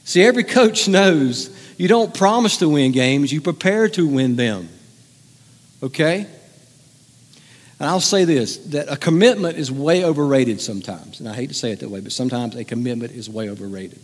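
A man's voice: mid-range voice, moderate pace. A man preaching a sermon in a conversational, joking way, teasing the congregation in a large church hall. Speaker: pastor.

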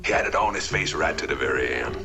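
An actor playing a male convict who fondly recalls a friend, in a slow gravelly drawl, from a film clip. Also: a bass voice, animated. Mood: fond, wistful. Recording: film clip with guitar score.

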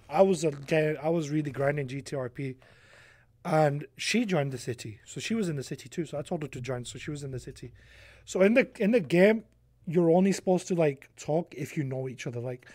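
Young guy w a high voice rambling thru a story on a podcast, swears a lot, dry close sound. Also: animated, fairly quick, darkish tone, no echo. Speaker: podcast guest. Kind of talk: casual chat.

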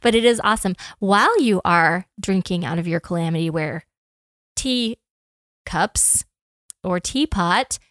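A woman's voice: fairly low pitch, expressive, measured pace, a bit bright, no room sound, studio quality. A young woman co-hosting a podcast, chatting in an enthusiastic, playful way. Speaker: podcast co-host. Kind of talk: casual chat.

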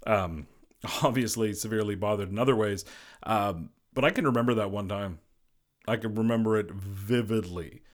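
A man hosting a casual solo sports podcast, a former goalie who rambles and fills his talk with "you know". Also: lowish voice. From Boston area. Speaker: podcast host.

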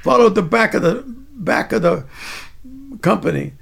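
An older man voicing a loud, mocking male drill sergeant in a spoken war story. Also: high voice, expressive, measured pace, gravelly, husky, voice pushed up, exaggerated voice. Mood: barking mockery. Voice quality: barking, mocking.

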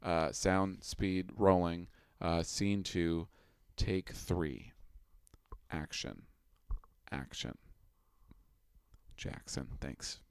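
A man's voice: sits low, extremely slow, few pauses, darkish tone, clear, resonant tone, no room sound, clean studio sound. A young man co-hosting a podcast in goofy, rambling casual chat, calling out mock film-set cues. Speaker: podcast co-host.

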